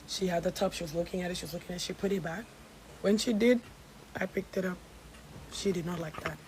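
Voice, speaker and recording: A woman from Gambia telling a casual story time to her followers, animated and sassy, with some swearing. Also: on the low side, quick pace, slight background noise, low-quality recording. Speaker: social media storyteller.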